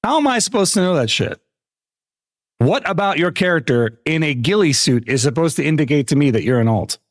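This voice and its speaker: A man's voice: fairly high pitch, animated, brisk, dry recording, studio quality. A man streaming a game live, mocking another player with crude, laughing commentary. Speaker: gaming streamer.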